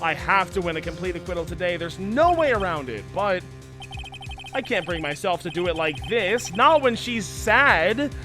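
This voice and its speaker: A man's voice: sits high, expressive, moderate pace, sharp tone. A young man streaming a game, commenting in a frustrated, sarcastic and profane casual way. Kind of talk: casual let's-play commentary. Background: game music.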